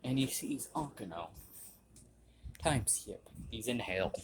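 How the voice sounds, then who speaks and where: A young man casually retelling a fan story, halting with restarts and frequent throat clearing. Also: mid-range voice, animated. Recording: noisy home recording.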